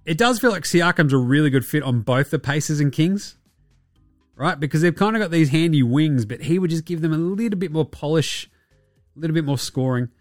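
Aussie guy ranting about basketball, sweary and sarcastic, kinda high voice, dry close mic, bit of music behind. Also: expressive, fairly quick, dry recording. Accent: Australian. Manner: profane, sarcastic, mocking voices of others. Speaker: podcast host. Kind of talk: casual sports commentary.

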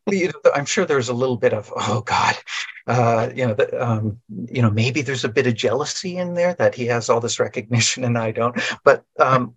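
A man talking as a podcast guest in casual conversation, rambling and halting and often restarting his sentences. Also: medium pitch, expressive, slightly rough, dry recording.

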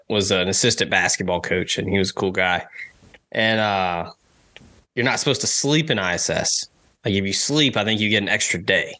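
Bright-voiced man telling a story. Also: fairly low pitch. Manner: animated storyteller acting out quotes. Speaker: podcast co-host. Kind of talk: casual storytelling chat.

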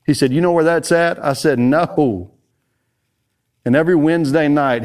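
A man's voice: medium pitch, darkish tone. A man speaking to a live audience in a church, telling a folksy personal story and a little out of breath. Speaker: conference speaker. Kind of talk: live conference talk.

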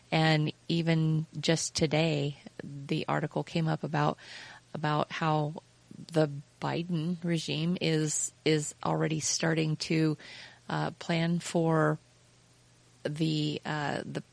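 A woman's voice: low-pitched, flat delivery, slow, vocal fry, no echo. A woman co-hosting a casual podcast, talking hesitantly and stringing her thoughts together with lots of fillers. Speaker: podcast co-host.

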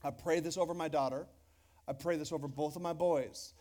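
A pastor with a high-pitched man's voice delivers a sermon in front of his congregation. He talks in a loose, conversational way, jokes with the crowd and often restarts his sentences. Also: steady tone, a little fast, a little mellow. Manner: conversational and joking, with repeated restarts. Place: church hall before a congregation.

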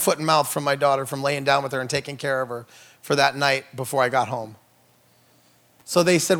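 A man's voice: a little high, creaky, fairly bright tone. A man, an itinerant minister giving a humorous testimony sermon, telling a story with jokey asides to the audience. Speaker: itinerant minister, guest speaker.

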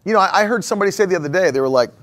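A man's voice: high voice, expressive, very fast, fairly bright tone. A man preaching a conversational sermon as a pastor. He repeats phrases for emphasis and chuckles often.

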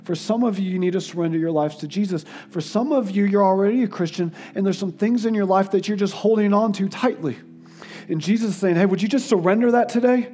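A male guest preacher giving an earnest sermon, sometimes emotional and dropping his voice softly for quotes. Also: fairly quick, faint music behind. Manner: earnest, tearful in places, drops to soft low tones for quotes. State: crying at times.

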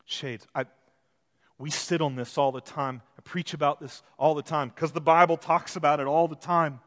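A man preaching a sermon, swinging from hushed, slow passages to loud, emphatic build-ups. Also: on the high side, steady tone, in a large hall. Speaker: pastor.

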